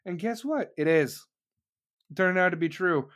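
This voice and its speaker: Man, show host, profane rant, mocking, slightly high voice. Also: normal speed. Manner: loud, animated, heavy swearing, mocking voices. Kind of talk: profane rant on a talk stream.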